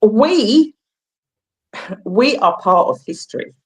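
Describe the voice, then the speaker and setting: Lively woman rallying listeners. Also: fairly high pitch, slow. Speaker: radio show host. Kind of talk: casual radio chat.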